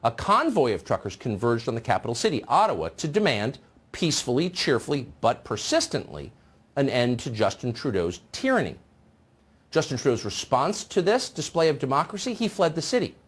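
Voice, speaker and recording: A man hosting a television news show, delivering a sarcastic, mocking opinion monologue in a husky voice. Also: medium pitch, big pitch swings, brisk.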